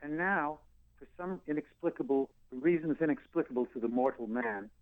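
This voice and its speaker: A singer-songwriter in his sixties from New York, telling animated stories and acting out dialogue as an interview guest. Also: a little high, moderate pace. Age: 60s. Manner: animated storyteller who acts out dialogue and laughs. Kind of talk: phone interview. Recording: tinny phone line.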